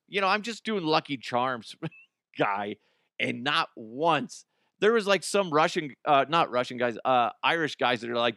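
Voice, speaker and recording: A man who is a radio host, telling a casual comedic story, animated, swearing and laughing as he talks. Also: medium pitch, unhurried, dry recording, studio quality. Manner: animated, swearing, laughs often, slips into voices.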